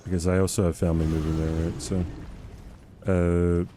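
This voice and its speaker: A man's voice: low voice, flat delivery, moderate pace, dark tone, slight background noise. A young man livestreaming a game, chatting in a rambling, self-deprecating way and laughing often. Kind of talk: casual chat while gaming.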